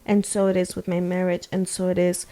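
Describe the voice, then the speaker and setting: A woman in her thirties co-hosting a faith and marriage podcast, talking reflectively and softly with occasional laughs. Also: fairly low pitch, monotone, brisk. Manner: reflective, soft-spoken, laughs often. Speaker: podcast co-host. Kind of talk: casual faith chat.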